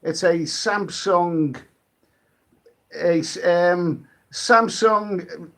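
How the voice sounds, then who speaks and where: A British man runs a casual live stream, reading viewer comments aloud and drinking as he goes. His voice sits high, and his speech rambles and stalls with lots of restarts.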